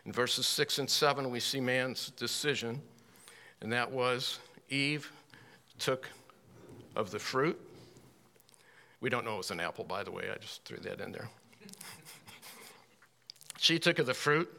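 A man teaching a Bible class in a folksy, unhurried way, with dry little asides. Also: mid-range voice, vocal fry, sharp tone.

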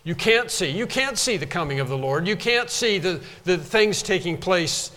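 Preacher guy, kinda high voice, keeps repeating lines for punch, big reverby hall. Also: expressive, normal speed, bright, forceful tone. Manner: emphatic, repeats phrases for stress. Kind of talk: sermon.

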